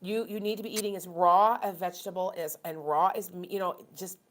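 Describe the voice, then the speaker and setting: A chatty woman from Wisconsin, her voice on the low side and brisk, hosts a live stream as a tarot reader. She talks casually and ramblingly, freely airing blunt opinions.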